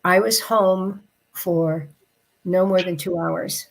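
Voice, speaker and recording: A woman, an interview guest, telling a personal story in a heartfelt, reflective way and slowing down at the emotional moments. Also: on the low side, steady tone, vocal fry.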